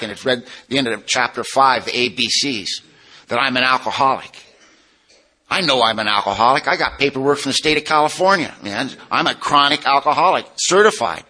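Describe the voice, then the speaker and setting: A man's voice: fairly low pitch, bright, forceful tone. A man telling his recovery story to a meeting, plainspoken and emotional. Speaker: recovery speaker. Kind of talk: personal testimony at a recovery meeting.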